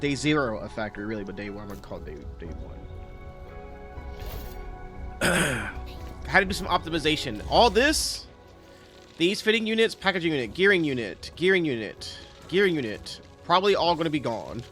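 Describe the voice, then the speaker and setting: A man talks through his factory game in a loose, chatty way, his pitch swinging up and down as he explains and corrects himself. Soft music plays faintly in the background. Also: sing-song, moderate pace, long pauses. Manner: rambling, self-correcting, chatty. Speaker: game streamer. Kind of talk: casual gameplay commentary.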